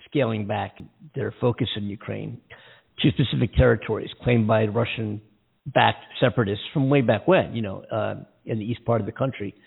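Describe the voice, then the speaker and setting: Gravelly man rambling through the news. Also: fairly low pitch, steady tone, moderate pace. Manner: rambling, loses his train of thought, laughs at himself. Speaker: talk show co-host. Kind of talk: casual news chat. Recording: phone-like streaming audio.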